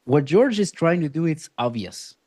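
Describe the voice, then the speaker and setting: A man coaching a sales team, speaking bluntly and emphatically in casual, animated bursts. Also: a little high, moderate pace, no echo. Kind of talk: coaching a role-play session.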